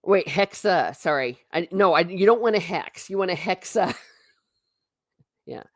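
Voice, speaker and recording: Low-pitched American woman host, chatty livestream rambler, dry close sound. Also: lively intonation, a little slow, no room sound. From United States. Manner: chatty, rambling, laughs often, reads viewer comments aloud. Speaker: livestream host reading chat. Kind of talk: casual livestream chat.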